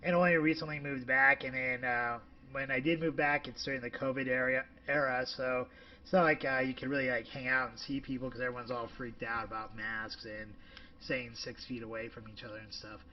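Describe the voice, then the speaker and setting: A man in his forties co-hosting a casual podcast, talking in a rambling, halting way full of fillers. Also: medium pitch, flat delivery. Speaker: podcast co-host. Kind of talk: casual chat. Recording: distant lo-fi podcast audio.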